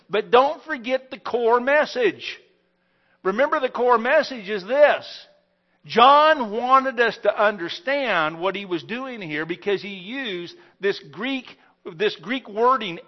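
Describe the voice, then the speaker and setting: A man preaching a sermon as pastor, emphatic, swinging between loud stressed phrases and quiet ones. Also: sits high, highs cut off.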